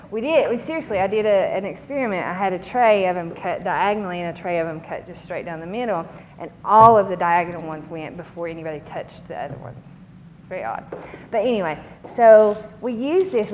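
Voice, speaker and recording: A woman with a Kentucky accent, a university student success director, speaking to an alumni audience and telling animated stories about campus life. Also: fairly low pitch, long reverb tail. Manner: animated storytelling, acts out quoted voices. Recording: dull lo-fi recording with faint background noise.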